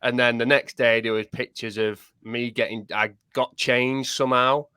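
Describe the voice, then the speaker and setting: A man's voice: mid-range voice, flat delivery, moderate pace, bright, forceful tone, smooth, dry recording. Podcast co-host, man, rowdy laughing storyteller, dry close mic. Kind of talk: casual chat.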